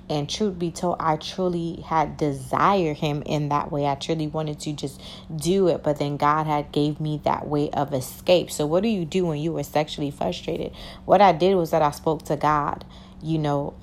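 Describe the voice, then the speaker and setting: A woman's voice: sits low, a little hiss or hum. A young woman hosting a podcast, chatting casually and playfully, with a lot of slang aimed straight at her listeners. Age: young adult. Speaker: podcast host. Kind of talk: casual confessional podcast chat.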